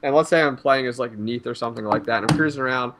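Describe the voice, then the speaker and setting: A man's voice: medium pitch, rapid-fire, noisy background. A man hosting a casual gaming podcast who talks through the patch notes, laughs often and acts out players' reactions. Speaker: host.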